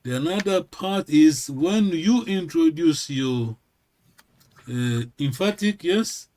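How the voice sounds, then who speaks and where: A man with a notably high voice leads an informal language class. He talks in a halting way, repeats himself and stops often to check that his students follow. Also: animated, darkish tone. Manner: halting, repeats words, keeps checking with "yes?". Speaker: language teacher.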